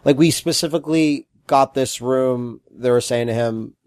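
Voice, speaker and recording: A man telling a story in casual chat, acting out what people said with big swings in pitch. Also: normal speed, dry recording, studio quality. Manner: animated, acts out quotes with shifting pitch.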